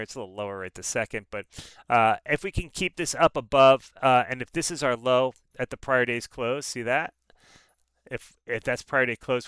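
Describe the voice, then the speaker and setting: A man leads a live trading call in a relaxed, chatty way, often pausing on fillers and starting sentences over. His voice is bright and smooth, and it sounds dry and close to the microphone. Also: medium pitch, no room sound. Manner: casual, hesitant with fillers and restarts. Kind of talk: live market chat.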